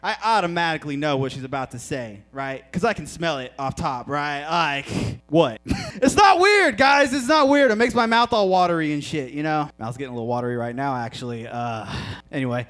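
A lively, high-voiced male comedian does a stand-up set on a bar stage in front of a live audience, telling crude stories in a loose, conversational way at a fairly quick pace. The room is echoey, the mic distant, and the crowd can be heard.

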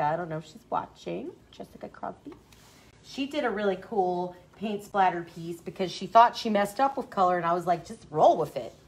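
A chatty woman groomer talks through a live-stream tutorial in a grooming salon. Her voice sits at an ordinary mid pitch, and she keeps up a running, self-mocking patter as she paints the coat. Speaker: dog groomer demonstrating dye techniques.

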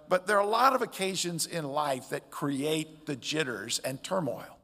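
A man preaching a sermon as pastor, expressive, with loud emphatic peaks and quiet drops. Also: a little high. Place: church sanctuary. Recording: long church hall reverb.

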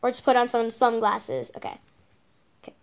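A woman's voice: fairly high pitch, very animated, normal speed, creaky. A female channel host giving casual reaction commentary on videos, rambling with lots of repeated okays and ums.

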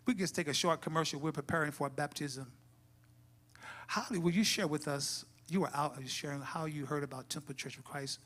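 A man's voice: a little high, a little fast, fairly bright tone. A man who is pastor, giving church announcements and then leading a fervent, rising prayer in a church. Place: church sanctuary.

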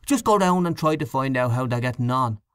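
A man's voice: mid-range voice, animated, brisk, a bit bright, smooth, no echo, studio quality, close to an everyday voice. A man reading an audiobook, voicing a grumbling, gossipy male election canvasser with a scornful manner. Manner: scornful, complaining.

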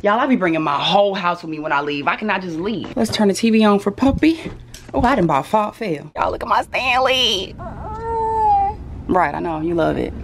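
Young woman, casual phone vlog, jokey, clear background noise. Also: lowish voice, lively intonation, a little fast. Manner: chatty, joking, addresses viewers as y'all. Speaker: vlogger. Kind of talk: casual vlog chat to camera. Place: home and car.

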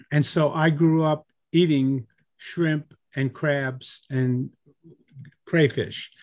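A man with a Louisiana accent chats enthusiastically and playfully, his voice a little higher than most men's. He sounds talkative and eager while co-hosting over a call. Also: steady tone, extremely slow, a little mellow. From Louisiana, United States. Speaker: co-host of a writing event. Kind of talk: casual chat.

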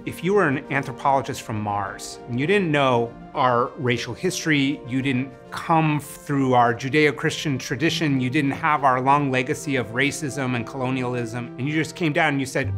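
A man giving an expert documentary interview, animated and acting out hypotheticals. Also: mid-range voice, normal speed. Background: music.

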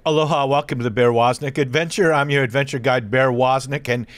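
A man's voice: mid-range voice, steady tone, fairly quick, no echo. A man hosting a podcast, reading promos and greeting listeners. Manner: brief affirming interjections. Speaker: podcast host. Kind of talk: casual interview and show promo. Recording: voice with guitar music behind.

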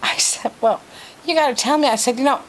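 A woman telling a long joke as a folksy, drawn-out story. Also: high voice, rough recording. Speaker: joke teller.

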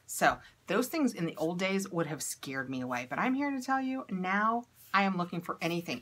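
Chatty woman with a bright, husky voice. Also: low voice. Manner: chatty, upbeat, thinks aloud while testing products. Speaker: beauty product unboxing vlogger. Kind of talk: casual unboxing chat to camera.

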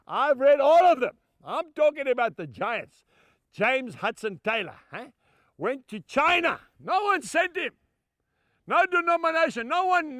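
An older man preaching a sermon, emphatic, swinging from shouts down to soft, low asides and calling his listeners "folks". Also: no echo, clean studio sound.

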